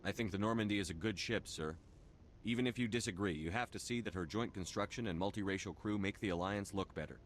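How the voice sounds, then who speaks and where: Actor as game hero commander, deep voice, calm, earnest, measured. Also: male voice, slight background noise, lightly acted. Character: calm male starship commander.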